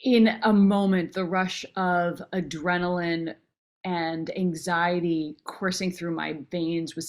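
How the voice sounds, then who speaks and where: Earnest lower-voiced woman in her forties. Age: 40s. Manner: earnest and emotional, restarting phrases. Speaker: guest. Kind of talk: personal storytelling in a podcast interview.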